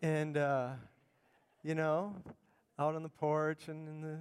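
Middle-aged male pastor, conversational sermon delivery, smooth resonant voice slightly high for a man, long church reverb. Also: monotone, slow pace. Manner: conversational preaching, repeats words while building points. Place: church sanctuary.

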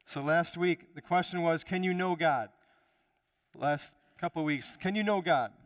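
A man's voice: fairly high pitch, unhurried, in a large hall. A man preaching a sermon as pastor, with emphatic rises and frequent restarts.

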